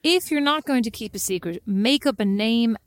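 A woman with a fairly high voice co-hosting a podcast and telling animated, self-deprecating stories. She is recorded close on a dry studio mic. She chats loosely and playfully. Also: moderate pace, no room sound. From Ireland. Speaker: podcast co-host. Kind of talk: casual chat.

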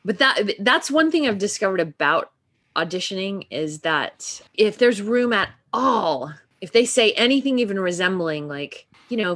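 A woman's voice: lowish voice, a little slow. A woman from Texas, an actress and improviser, telling stories in a casual interview and laughing often. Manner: animated storytelling, laughs often.

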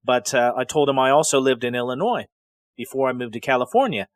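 A man's voice: medium pitch, animated, brisk, dry recording. A middle-aged man from the Pacific Northwest hosting a podcast, telling stories in a rambling, conversational way full of digressions. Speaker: podcast host. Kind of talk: casual spoken storytelling.

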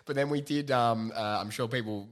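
An Australian man co-hosting a podcast, telling stories in casual chat, acting out quotes loudly and laughing often. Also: medium pitch, moderate pace. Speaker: podcast co-host.

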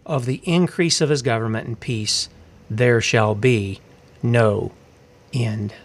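A man's voice: mid-range voice, takes it slowly. A man preaching a sermon, fiery and confrontational, asking rhetorical questions and reading scripture aloud.

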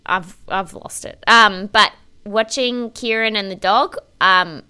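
Bright, clear-voiced woman chatting. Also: mid-range voice, slow pace. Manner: laughs often, swears casually. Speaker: podcast co-host. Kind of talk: casual chat recapping a TV show.

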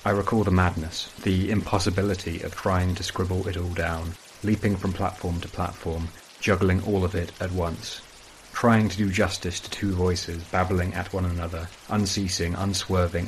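A man reading a first-person horror story as scripted narration, in a measured, brooding way. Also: low voice, a little hiss or hum, rough recording.

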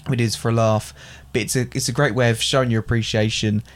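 A man's voice: medium pitch, flat delivery, quick pace. A man hosting a casual podcast, rambling in a friendly way and laughing often. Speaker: podcast host. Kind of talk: casual chat.

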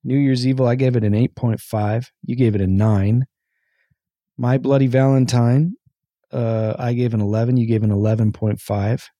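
Brief: male podcast co-host, mellow dark tone, dry sound, easygoing and halting. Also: mid-range voice, fairly even intonation, no echo. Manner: easygoing, reading listener names with halting fillers. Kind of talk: casual chat.

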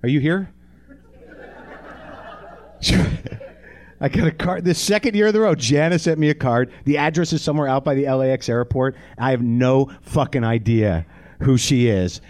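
Here the host's voice is medium-pitched and darkish, and he speaks at normal speed. His stand-up monologue at a live theater comedy show is a profane, self-mocking rant aimed right at the audience.

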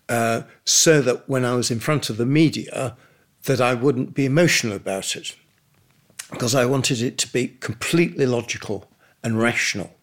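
Older man, halting and emotional. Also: medium pitch. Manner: halting, with repeated words and pauses. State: emotional, near tears. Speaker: interviewee. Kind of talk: emotional recollection in interview.

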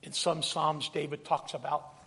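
The pastor's voice is a little high, creaky and sharp, with little pitch movement, at normal speed. Even so, he preaches dramatically in the sanctuary, performing scripture scenes and calling out to his congregation amid a large hall's long reverb.

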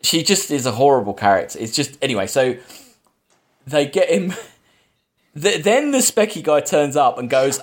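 A man's voice: medium pitch, very animated, normal speed. A man, a podcast host casually recapping a film plot, rambling with fillers and restarts. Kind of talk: casual film review chat.

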